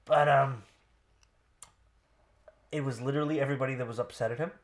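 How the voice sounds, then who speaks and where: A man hosting a podcast in casual chat. He is animated and jokey, laughs often, and mocks what other people say. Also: medium pitch, brisk. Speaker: podcast host.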